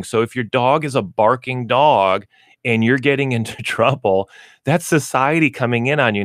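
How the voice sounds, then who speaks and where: A man with a fairly low voice hosts a pet advice radio show, talking in a relaxed, folksy way and now and then acting out little lines for dogs and owners. The sound is dry and close to the mic. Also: no echo. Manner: folksy, explains with acted dog and owner voices. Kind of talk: casual radio talk on pet training.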